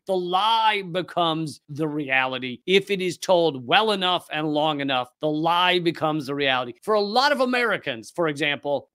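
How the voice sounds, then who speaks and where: A man's voice: a little high, fairly bright tone, no room sound, clean studio sound. A middle-aged man hosting a satirical news commentary show, talking in a sarcastic, indignant monologue and mocking people in put-on voices.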